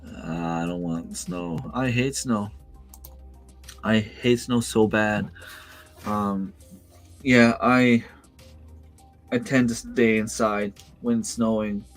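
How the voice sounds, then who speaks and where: Guy hosting a chill home livestream, kinda low voice, rambly with lots of uhs, a bit of music in the back. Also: slow, long pauses. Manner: chatty, rambling with many fillers and restarts. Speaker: livestream host. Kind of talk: casual live-chat reading comments. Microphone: desk microphone.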